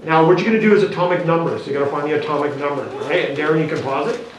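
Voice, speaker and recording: An upbeat male teacher talks a class through a lesson in a fairly high voice, coaxing students along and checking in every few words. The sound is very echoey, picked up from well away from the mic. Faint music plays underneath. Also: rapid-fire, distant mic, a little hiss or hum. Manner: upbeat, coaxing, peppered with "okay?" and "right?".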